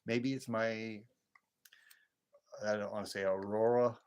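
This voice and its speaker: A man with a fairly low voice hosting a relaxed late-night livestream. He rambles from story to story, laughs easily and answers viewers' comments as they come in. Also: measured pace, clean tone. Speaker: livestream host.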